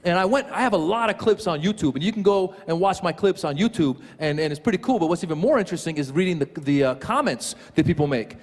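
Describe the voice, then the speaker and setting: A man from Iran doing a stand-up comedy set on stage, telling stories in an animated way and acting out the lines of the people in them. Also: high-pitched, fast talker, few pauses. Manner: animated storytelling, acting out quotes. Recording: reverberant venue with faint noise.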